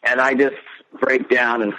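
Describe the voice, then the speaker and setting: A middle-aged man speaking as an interview guest, earnest and emotional, halting as he recounts. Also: medium pitch, level tone, bright, forceful tone, slight background noise, rough recording. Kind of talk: casual interview.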